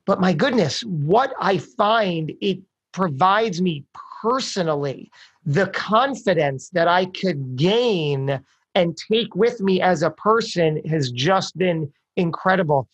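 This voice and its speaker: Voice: mid-range voice, expressive, slow, breathy edge, no echo, muffled recording. A podcast host who reflects on their own experience and then asks the guest thoughtful questions. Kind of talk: conversational interview.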